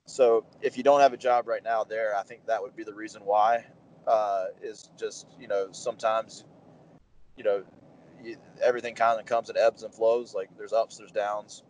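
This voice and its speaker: Interview guest, man in his 30s, lowish voice, lively storyteller who acts out quotes. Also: moderate pace, a little hiss or hum, low-quality recording. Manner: animated anecdotes, acts out quoted dialogue, many fillers. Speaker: pro wrestler, interview guest.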